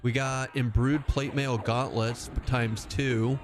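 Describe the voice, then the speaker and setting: A male game streamer talking casually over his gameplay, rambling from thought to thought and cursing freely. He chats straight to his viewers, with a voice of middling pitch. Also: steady tone, slow, background noise. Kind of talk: casual live-stream chat while playing.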